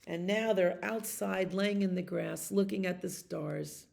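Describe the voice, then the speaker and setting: A librarian reads a bedtime story to young listeners in a gentle, soothing voice. She takes her time, and her fairly low voice has a gravelly edge. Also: unhurried. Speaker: children's librarian. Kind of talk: bedtime story reading for children.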